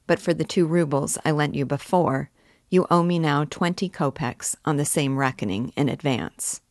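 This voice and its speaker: A woman's voice: deep voice, no echo, studio quality. A woman reading a novel aloud, voicing a severe, miserly old female pawnbroker in a curt, haggling manner.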